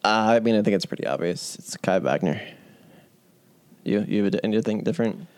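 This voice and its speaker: Mellow, dry-sounding podcast co-host. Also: male voice, lowish voice, a little fast, clean tone, dry recording. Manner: relaxed, hesitant, agreeable. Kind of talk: casual sports podcast chat.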